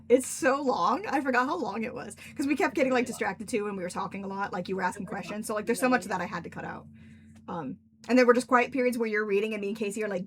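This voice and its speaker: A woman's voice: medium pitch, a little hiss or hum. A woman author hosting a casual livestream, chatty and rambling, laughing often.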